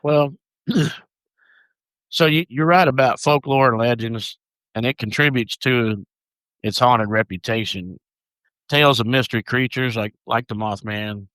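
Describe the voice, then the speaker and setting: A man's voice: medium pitch, measured pace, long pauses, fairly bright tone, no room sound, poor audio. A man with a Southern US accent co-hosting a podcast, telling stories in an easygoing, joking way. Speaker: podcast co-host. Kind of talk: casual podcast chat.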